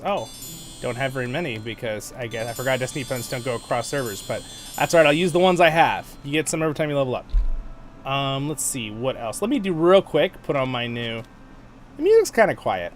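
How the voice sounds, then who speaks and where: With a fairly high-pitched voice over slight background noise, a man hosts a game livestream. He keeps up casual, playful commentary as he plays, laughing frequently.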